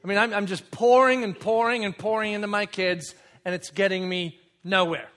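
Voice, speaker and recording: A man with a high, bright, ringing voice tells a family story in a lively, animated way. He jumps into loud acted-out lines and quick asides, as if talking to a room of friends. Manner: animated, acts out kids and himself with loud bursts. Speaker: father and speaker. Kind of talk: storytelling talk.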